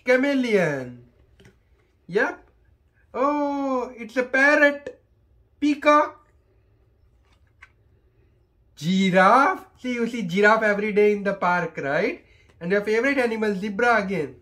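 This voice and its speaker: A man's voice: high-pitched, lively intonation, slow pace, pauses often, a bit bright. A young man with an Indian accent reading a picture book aloud to a toddler, naming animals in a sing-song way and imitating their sounds. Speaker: parent reviewing a board book.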